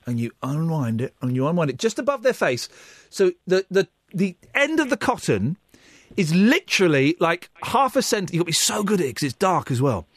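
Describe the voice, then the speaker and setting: Guy hosting a call-in radio show, high bouncy voice, super dry sound, goofs around a lot. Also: very animated, brisk, dry recording. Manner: playful, rambling, jokey. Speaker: radio host. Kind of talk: radio phone-in chat.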